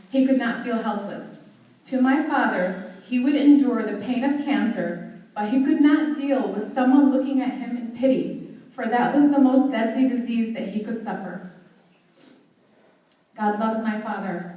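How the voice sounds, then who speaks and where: Young woman reading a eulogy, earnest and heartfelt, kinda high mellow voice, really echoey hall from far off. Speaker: daughter giving a eulogy. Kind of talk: read memorial eulogy. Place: memorial service hall.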